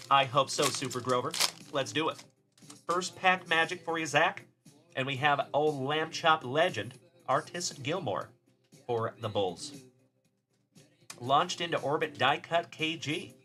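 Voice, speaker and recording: Upbeat Texan man hosting a card stream. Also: mid-range voice. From Texas. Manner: upbeat, shouting out chat viewers by name. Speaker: card-breaking livestream host. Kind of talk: casual live-stream chatter.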